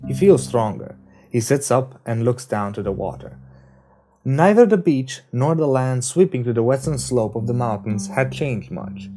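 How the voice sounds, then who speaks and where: A man reads a novel aloud in a steady, measured narration at a mid-range pitch. Plucked guitar plays clearly behind his voice throughout. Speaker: reader. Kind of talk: amateur audiobook reading. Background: guitar music.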